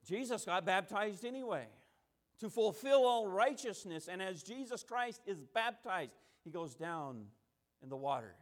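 Preacher, male, high pitch; emphatic sermon delivery, repeats lines for weight. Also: animated, a little slow. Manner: emphatic, repeating and restarting phrases, acting out quotes.

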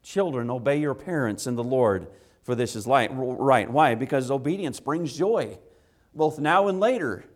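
A man, a father, preaching a sermon to children, swinging from loud impassioned rises to quiet earnest asides. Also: medium pitch, lively intonation, moderate pace. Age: adult with children. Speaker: pastor.

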